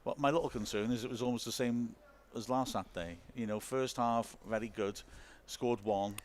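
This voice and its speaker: A man's voice: mid-range voice, slight background noise. Chatty man hosting a football q&a. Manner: chatty, self-deprecating, quick to laugh. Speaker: host reading viewer questions. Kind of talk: casual football chat.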